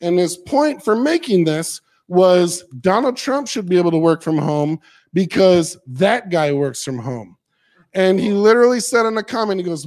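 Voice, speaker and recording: Young minnesota guy doing standup, kinda high voice, rambly and tipsy, laughing at his own stuff in a studio. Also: animated, normal speed, darkish tone. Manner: rambling, self-deprecating, loose and tipsy. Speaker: stand-up comedian. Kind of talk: stand-up set. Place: comedy studio with live audience.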